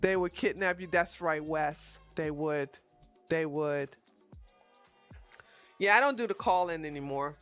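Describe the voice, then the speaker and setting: A woman's voice: sits low, unhurried, pauses often, a bit bright, faint music behind. A woman hosting a casual livestream, chatting frankly with viewers and reading their comments, with many restarts and laughs. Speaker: livestream host.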